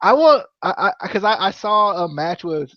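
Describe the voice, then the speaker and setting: A man's voice: high-pitched, very animated, normal speed, no room sound. Chatty man with a dull, dry mic sound. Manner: rambling, laughs often, many fillers and restarts. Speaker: podcast host. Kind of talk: casual wrestling review chat.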